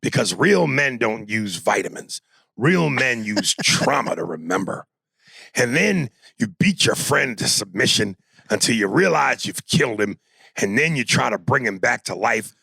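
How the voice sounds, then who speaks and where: A man's voice: medium pitch, very animated, a little slow, gravelly, sharp tone, breathy edge, no room sound, studio quality. A man co-hosting a comedy podcast, joking and cursing as he reads listener emails aloud. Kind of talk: casual comedic podcast chat.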